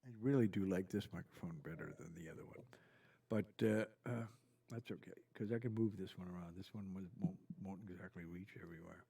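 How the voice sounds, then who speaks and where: A middle-aged man with a low, gravelly, husky voice speaks briskly and warmly while hosting a home-studio live stream. He chats loosely, wanders off on tangents and pokes fun at himself as he goes through comments from viewers.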